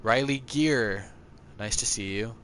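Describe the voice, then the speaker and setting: A man streams a racing game live, chatting easily with viewers and making jokes at his own expense. He speaks slowly over a faint hiss or hum, chatty and self-mocking, though he lets out high, excited yelps while racing.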